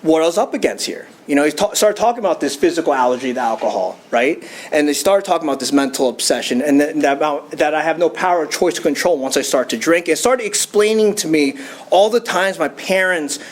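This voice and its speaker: A man's voice: on the high side, animated, quick pace. A young man telling his personal recovery story to a meeting, casual and chatty with fillers and laughs. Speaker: AA speaker.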